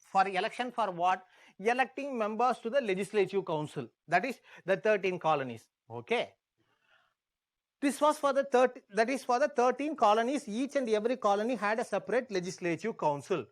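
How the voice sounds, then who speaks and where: A man's voice: sits high, animated, a little fast. A man with an Indian English accent giving an exam-prep history lecture, repeating key words and asking the class questions as he teaches.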